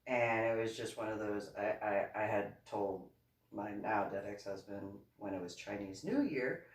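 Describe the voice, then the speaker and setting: A woman's voice: extremely low pitch, moderate pace. A middle-aged woman telling a rambling personal story in a wry, sarcastic way, chuckling often and restarting her sentences. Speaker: author and reverend. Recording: roomy, voice from a distance.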